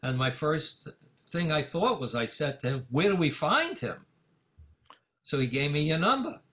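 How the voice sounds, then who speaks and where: An older man, a music manager, telling a story in an interview, full of fillers and acting out the dialogue with rising excitement. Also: on the high side, normal speed. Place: office in Manhattan.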